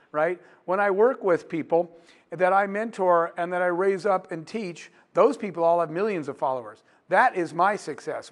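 A man giving a leadership talk as guest speaker, telling a story and acting out the dialogue. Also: high-pitched.

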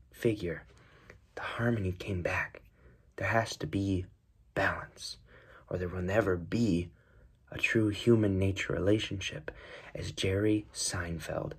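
A man's voice: low-pitched, breathy edge. A man narrating a scripted video essay in an earnest, mock-serious tone.

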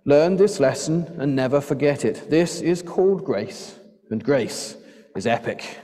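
A man's voice: mid-range voice, animated, a little slow, natural voice. A man as a kind reassuring storybook dad. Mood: gentle. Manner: gentle, reassuring. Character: kind patient dad, middle-aged. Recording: long church reverb.

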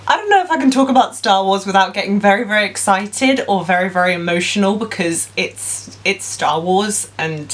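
A woman's voice: mid-range voice, fairly bright tone. A young woman vlogging casually about films, gushing with enthusiasm and playful sarcasm. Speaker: film vlogger. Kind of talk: casual vlog.

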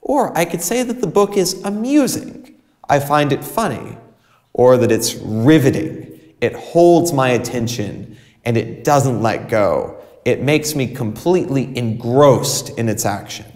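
A man giving an English writing video lecture, with a lively, expressive delivery and dramatic pauses. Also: medium pitch. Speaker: English teacher. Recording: long hall reverb.

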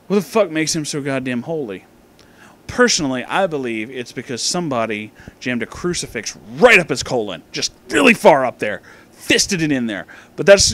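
A young man giving a profane, sarcastic comedic movie review, ranting about the film. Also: medium pitch. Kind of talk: drunk comedic movie rant.

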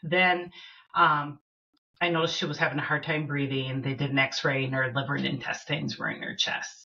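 Woman, low pitch, middle-aged, earnest halting storytelling, slightly muffled recording. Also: level tone, vocal fry, pushed and bright. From Minnesota. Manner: earnest, halting, with fillers and restarts. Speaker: podcast guest. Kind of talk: personal storytelling in an interview.

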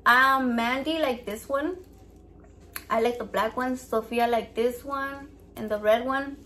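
A woman, vlogging casually, loud and profane and mixing with Spanish. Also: a little high, measured pace. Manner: loud, profane and playful, switching between English and Spanish. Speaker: vlogger running a raffle. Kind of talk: casual vlog chat. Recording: echoey room with faint background noise.

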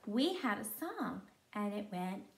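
A woman teaching preschoolers in a slow, sing-song and encouraging way, sounding out words syllable by syllable. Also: mid-range voice, big pitch swings, vocal fry, reverberant. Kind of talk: teaching young children.

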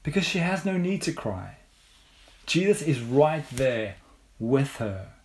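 A man with an English accent preaching a sermon, unhurried and measured, leaning on rhetorical questions. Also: medium pitch, big pitch swings, darkish tone. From England.

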